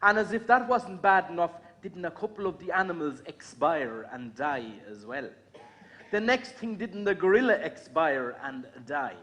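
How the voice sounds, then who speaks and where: A man's voice: on the high side, very animated, normal speed, a bit bright. An Irish man from the Midlands telling folksy jokes over a video call, chuckling at his own punchlines. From Ireland. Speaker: amateur comedian. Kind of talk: storytelling jokes.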